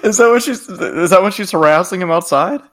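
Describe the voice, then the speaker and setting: A man's voice: sits high, fairly quick, fairly bright tone. A man co-hosting a podcast, chatting casually and profanely about a TV episode and laughing often. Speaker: podcast co-host.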